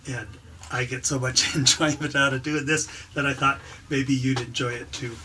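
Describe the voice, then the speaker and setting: Bright-voiced man doing jokey dog-trick patter. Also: mid-range voice, normal speed, slight background noise. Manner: jokey deadpan patter, laughing between lines. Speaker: church member showing his dog's tricks. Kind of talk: playful show-and-tell to camera.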